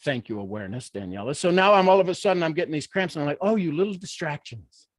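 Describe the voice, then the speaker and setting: Animated man giving a motivational talk. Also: fairly high pitch, very fast, no echo, clean studio sound. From Ohio. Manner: animated, folksy, playful asides. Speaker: motivational speaker.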